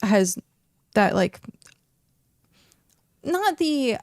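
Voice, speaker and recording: A young woman running a tabletop game on stream, narrating scenes with lively asides. Her voice sits fairly high for a woman. The sound is dry and close, with no room sound. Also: drawn-out words, pauses often, clean tone, no echo.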